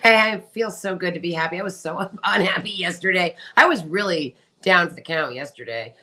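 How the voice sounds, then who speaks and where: A woman hosting a casual livestream, chatting warmly and reading viewer comments aloud with frequent laughter. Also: on the low side, brisk. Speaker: livestream host.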